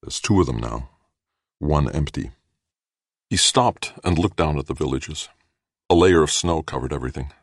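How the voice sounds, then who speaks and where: A man narrating an audiobook in a measured, steady reading. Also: extremely low pitch, no room sound, clean studio sound. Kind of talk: scripted narration.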